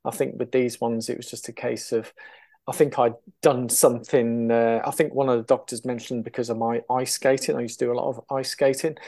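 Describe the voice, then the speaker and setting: A man's voice: medium pitch, darkish tone. A man in his sixties from England, guest in an interview, telling his story in a chatty way with frequent fillers, restarts and laughs. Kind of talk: casual interview chat.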